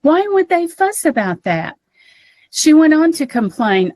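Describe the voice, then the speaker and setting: A woman's voice: sits high, very animated, a little slow, a little mellow, no echo. Emotional American woman co-hosting a podcast. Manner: emotional, near tears. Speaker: podcast co-host. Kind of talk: casual political chat.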